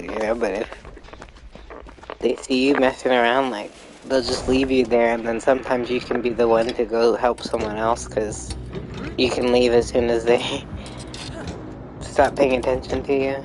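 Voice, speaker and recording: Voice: mid-range voice, fairly even intonation, normal speed, background noise. Chatty streamer swearing over gameplay. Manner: chatty, rambling, swears when frustrated. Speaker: live streamer. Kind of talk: casual live gameplay commentary.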